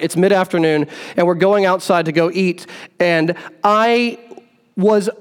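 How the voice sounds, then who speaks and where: A man preaching a sermon, earnest and animated, often repeating words as he teaches. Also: high-pitched.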